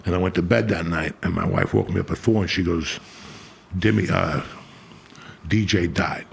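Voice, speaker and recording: A man's voice: deep voice, normal speed, gravelly, a little hiss or hum. A middle-aged man telling a blunt, profanity-heavy personal story in casual chat as a podcast host.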